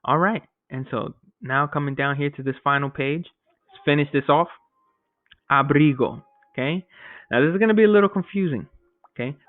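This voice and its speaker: A man teaching a Spanish vocabulary lesson to his class, explaining each word step by step and often checking with a quick "okay?". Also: on the high side, dry recording. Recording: tinny phone-like audio.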